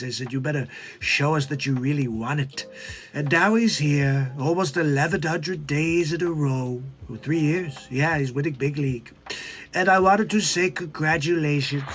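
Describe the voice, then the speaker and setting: A bragging older politician who loops the same catchphrases and talks himself up, as a man does the bit. Lower than his own voice, with a self-satisfied swagger. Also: fairly bright tone. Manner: boastful, repetitive catchphrases. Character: boastful older male politician. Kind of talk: comedic impression.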